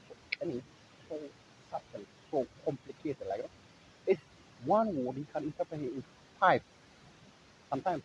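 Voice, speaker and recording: Man, rambling monologue, sarcastic, animated pitch, somewhat high voice. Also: slight background noise, rough recording. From Eritrea. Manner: rambling, heavy use of "like, you know", sarcastic. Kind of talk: casual monologue.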